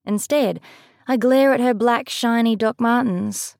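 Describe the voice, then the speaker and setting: A woman's voice: fairly high pitch, creaky, no room sound. Dry, close woman storyteller. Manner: measured, lightly expressive storytelling. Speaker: audiobook narrator. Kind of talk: first-person audiobook narration.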